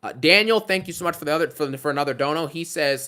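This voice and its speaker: A man's voice: a little high, expressive, fast, few pauses, bright, forceful tone. A man hosting a casual live stream, reading out donations and chatting through them with rambling asides. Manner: chatty, thanks each donor, rambling asides.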